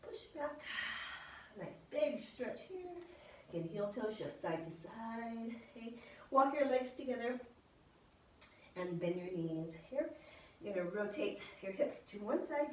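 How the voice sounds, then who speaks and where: A woman's voice: fairly high pitch, expressive, unhurried, darkish tone, a little hiss or hum. Woman workout instructor, encouraging coaching cues, recorded from a distance in a roomy space. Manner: encouraging cues, counting down, exertion whoops. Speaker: fitness instructor. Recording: echoey room, voice from a distance.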